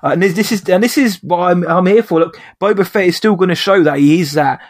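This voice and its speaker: A male podcast co-host with a high-sitting voice talks fast in clean studio audio with no room sound. In casual chat he animatedly retells scenes, rambling and restarting his sentences.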